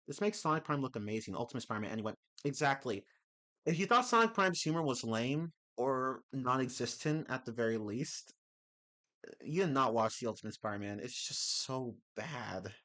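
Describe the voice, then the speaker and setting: A man's voice: mid-range voice, animated, brisk, a bit bright. A man ranting casually on a livestream, rambling with many restarts and laughing as he talks. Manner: rambling, restarts often, laughs into his words. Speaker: streamer.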